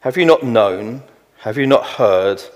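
A middle-aged man preaching a sermon, slowing down to read scripture verses with weight and emphasis. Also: medium pitch, expressive. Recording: long hall reverb.

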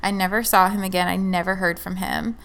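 A woman's voice: mid-range voice, steady tone, a little fast, creaky, a bit bright, a little hiss or hum. Chatty young woman telling a story. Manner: chatty, fillers of "like", acts out quoted dialogue. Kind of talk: casual storytelling chat.

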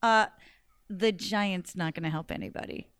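A woman voicing a clever, chatty young woman held by a giant, talking in brisk, sassy, flattering bursts. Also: mid-range voice, clear, resonant tone, no room sound, clean studio sound, lightly acted. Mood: urgent.

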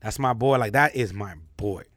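A man's voice: lowish voice, moderate pace, fairly bright tone, no room sound, clean studio sound. A young adult man hosting a podcast, talking candidly and emphatically in casual chat, often repeating himself for stress. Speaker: podcast host.

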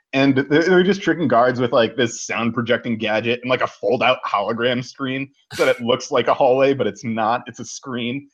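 A man co-hosting a podcast, telling a movie plot in a casual, animated way and swearing freely. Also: medium pitch, highs cut off. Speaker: podcast co-host. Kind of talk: casual movie recap chat.

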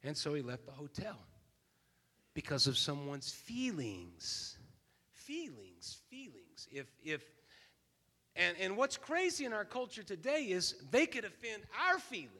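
A man in his fifties preaches a sermon with a high, gravelly voice. He tells stories and then drives his points home, growing loud and emphatic. His voice rings with the long reverb of a big church hall. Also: very animated, a little slow. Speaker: pastor.

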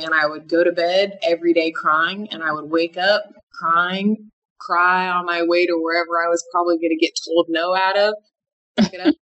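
A woman's voice: fairly low pitch, a bit bright, low-quality recording. A young adult woman, a business founder, answering interview questions candidly with frequent restarts.

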